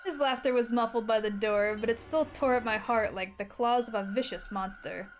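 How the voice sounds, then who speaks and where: A woman's voice: a little high, normal speed, faint music behind. A woman streamer reading a visual novel aloud with dramatic narration, breaking off for crude jokes and laughter.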